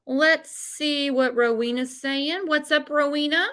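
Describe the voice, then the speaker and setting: A woman's voice: high-pitched, steady tone, a little slow, fairly bright tone. A woman hosting a livestream with callers, blunt and opinionated as she reads out viewer comments. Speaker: host.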